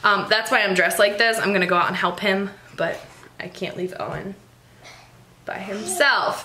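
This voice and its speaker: A woman's voice: mid-range voice, normal speed, noisy background. A young woman and mother filming a casual vlog in her dining room, rambling with lots of ums and little laughs. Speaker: vlogger and mother. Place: home dining room, indoors.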